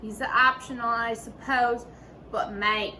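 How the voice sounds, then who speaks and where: A woman's voice: fairly high pitch, steady tone, a little slow, bright, forceful tone. A woman hosting a casual home cooking video in her kitchen, talking in playful, profane mock-chef banter. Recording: noisy room ambience.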